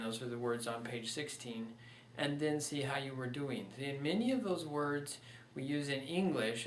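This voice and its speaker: A male teacher records a lesson, calmly working through one example after another. His voice sits a little away from the mic in a reverberant room, with a faint hum of ambience behind it. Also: medium pitch, far from the mic. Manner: patient, walks through examples step by step. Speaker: Spanish teacher. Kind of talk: recorded online lecture.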